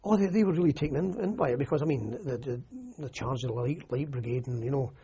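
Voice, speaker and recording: An older Scottish man tells his old army stories in a loose, rambling way, often circling back with "you know." His voice is very husky and mellow, heard through a dull, muffled old recording. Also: medium pitch, quick pace. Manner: rambling, anecdotal, frequent restarts and "you know". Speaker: interviewee, army veteran. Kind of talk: oral history interview.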